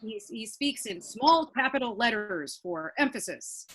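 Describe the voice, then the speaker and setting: A young woman performing a stand-up comedy set with punchy, deadpan delivery, laughing at her own jokes. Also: a little high, unhurried, slightly rough, poor audio.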